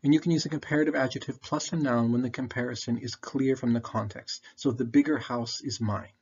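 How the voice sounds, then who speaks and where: A man's voice: mid-range voice, fairly even intonation, brisk, darkish tone, breathy edge. A man teaching an online English lesson, talking patiently and repeating his questions, with a throat candy in his mouth. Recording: dull lo-fi recording.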